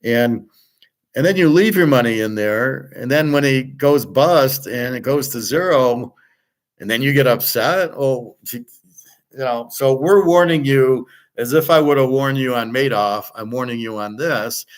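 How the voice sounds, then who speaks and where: A man's voice: medium pitch, unhurried. A man talks in a loose, rambling monologue as the host of his own show. He is blunt and profane, often restarting his sentences and trailing off into fillers before pressing his point again. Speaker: podcast host and betting tipster.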